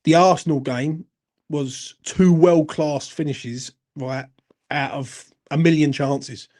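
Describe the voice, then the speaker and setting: Thirties bloke, fan-channel live host, slightly high voice with a warm, dark tone, sweary and chatty. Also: male voice, fairly even intonation, slow. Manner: blunt, sweary, chatty, addresses viewers as mate. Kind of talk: live-stream fan chat, reading viewer comments.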